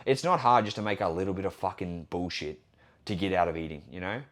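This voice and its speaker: A man's voice: low voice, fast talker, fairly bright tone. Blunt, swearing Australian man. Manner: blunt, profane, assertive. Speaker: fitness trainer and podcast host. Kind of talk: solo podcast monologue.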